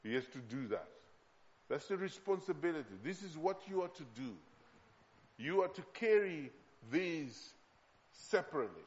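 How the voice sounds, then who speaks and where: A man preaching a sermon from Zambia, emphatic and slowing down to repeat key phrases. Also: on the high side. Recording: long hall reverb, dull sound.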